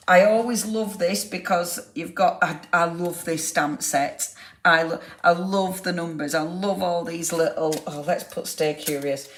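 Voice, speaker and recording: A middle-aged woman hosting a live craft demonstration, chatting casually to viewers' comments as she works. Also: low-pitched. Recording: echoey room with faint noise.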